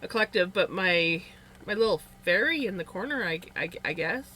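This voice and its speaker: A Canadian woman hosts a relaxed livestream, chatting with viewers and rambling through her thoughts with quick restarts. Her voice is bright and forward. A faint hum sits under it. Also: fairly low pitch. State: sleepy. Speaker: livestream host. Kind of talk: casual chat reading viewer comments.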